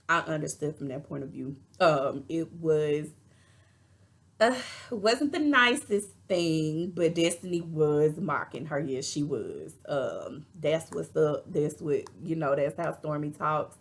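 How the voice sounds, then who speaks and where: A chatty woman with a Texas drawl talks straight to her viewers and reviews a reality show episode in a loose, opinionated vlog style. Her voice sits very low and has a gravelly, fry-heavy edge. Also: expressive, takes it slowly. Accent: Texan. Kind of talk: casual vlog commentary.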